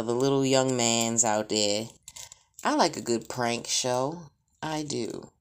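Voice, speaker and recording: Low-voiced, lively, blunt woman rambling. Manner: blunt, rambling, frank and profane; mimics sounds with shrill outbursts. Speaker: vlogger. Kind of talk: casual monologue.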